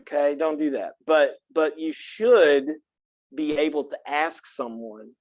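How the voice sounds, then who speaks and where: A man from Texas teaching a college philosophy class, frank and earnest and quick to crack a joke, recorded on a close mic in a classroom. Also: a little high, a little mellow, no room sound, highs cut off. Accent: Texan. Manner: earnest, frank, joking, speaks directly to students. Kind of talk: classroom lecture.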